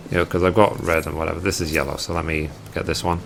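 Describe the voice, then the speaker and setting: A man's voice: low-pitched, level tone, fast talker, creaky, faint music behind. A man making a game guide, casually thinking aloud and reading quest text as he plays. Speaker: gaming guide creator. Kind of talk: game walkthrough commentary.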